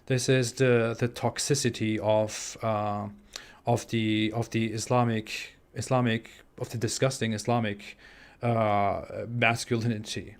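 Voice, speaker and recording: A man's voice: lowish voice, flat delivery, unhurried. Hesitant young German-accented man. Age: 20s. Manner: hesitant, many fillers and restarts. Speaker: livestream host. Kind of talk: live-stream chat reading super chats. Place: home in the US Midwest.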